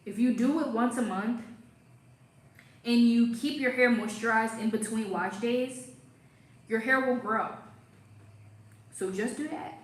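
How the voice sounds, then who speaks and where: A woman's voice: on the high side, unhurried, long pauses, echoey room, poor audio. A young woman hosting a casual hair care livestream, playful and chatty, reading viewer comments as she goes.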